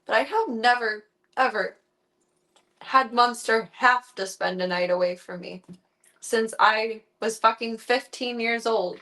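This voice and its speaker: A woman's voice: a little high, unhurried, bright, forceful tone. Young woman chatting casually to her cat. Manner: talks baby talk to her cat between chat. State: tearful, close to crying. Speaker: streamer. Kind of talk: casual chat to her pet and viewers. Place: at home indoors. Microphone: handheld phone camera.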